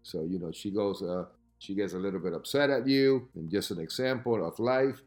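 A man giving podcast talk as a sales coach, with an emphatic, lively delivery who keeps asking "right?" as he teaches. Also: low-pitched, normal speed, faint music behind.

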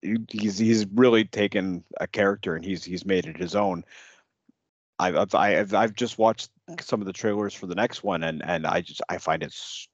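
A man co-hosting a podcast, chatting about a film in a halting way with frequent restarts. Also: low voice, no room sound, lo-fi sound. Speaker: podcast co-host. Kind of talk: casual film review chat.

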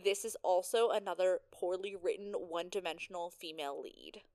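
A woman's voice: fairly low pitch, fairly quick, darkish tone. A woman co-hosting a podcast in casual chat, blunt and opinionated, swearing and giggling. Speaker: podcast co-host.

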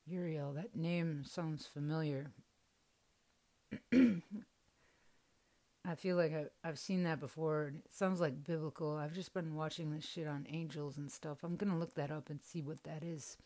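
A young woman on her podcast tells a personal story, candid and casual, with plenty of free swearing. Her voice sits low with a dark tone, and her pace is moderate.

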